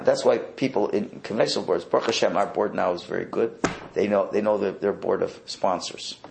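A man, a rabbi, teaching a Torah class in a wry, animated way, sprinkling in Hebrew and Yiddish words. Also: fairly low pitch, vocal fry, slight background noise.

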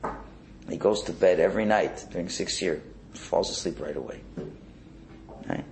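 This is a man with a low voice and gravel in it, teaching in an echoey room with a faint hiss behind him. He tells stories with lively energy and acts out the characters he describes. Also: normal speed. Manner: animated storytelling, acting out characters. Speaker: religious teacher. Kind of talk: Torah lecture.

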